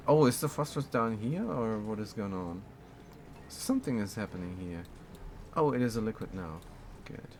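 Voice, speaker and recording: A man's voice: on the low side, animated, normal speed, a little mellow, a little hiss or hum. A man from Germany casually commenting on his game while answering chat in a laid-back way. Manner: laid-back, reads chat aloud, chuckles often. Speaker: streamer.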